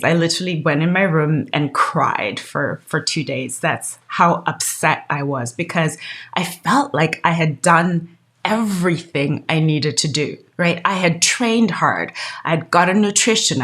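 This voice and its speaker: A woman podcast host telling a personal story in a candid, emotional, animated way. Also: low voice.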